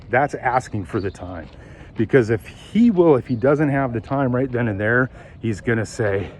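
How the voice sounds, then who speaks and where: A man who manages car sales, coaching on a walk and acting out phone calls in lively bursts. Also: mid-range voice, a little hiss or hum. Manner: animated, acts out phone calls in quick bursts. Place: outdoors while walking.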